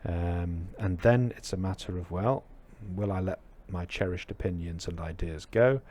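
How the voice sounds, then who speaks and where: A man giving a reflective dharma talk, telling a parable with many pauses and fillers. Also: sits low, a little mellow. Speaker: Buddhist teacher.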